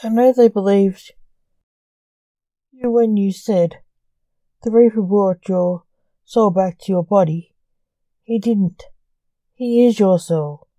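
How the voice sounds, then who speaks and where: A man's voice: high voice, slow pace, long pauses, dark tone, dry recording. A woman voicing a menacing male caller who blackmails in a curt, snapping way.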